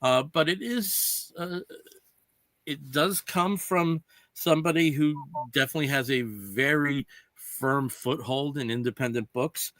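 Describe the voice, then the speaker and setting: A man's voice: on the high side, a little slow, fairly bright tone, no room sound. A man hosting a podcast in casual chat, explaining comic books at length with lots of "you know" fillers. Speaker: podcast host.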